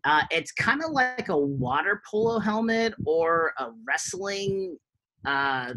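A man's voice: fairly high pitch, sing-song, takes it slowly, bright, forceful tone, rough recording. A man co-hosting a podcast, telling a story in casual chat with amused energy. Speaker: podcast co-host.

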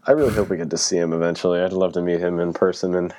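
A man with a very deep voice co-hosts a podcast. His chat is easygoing and casual. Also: steady tone, very fast, warm tone. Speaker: podcast co-host.

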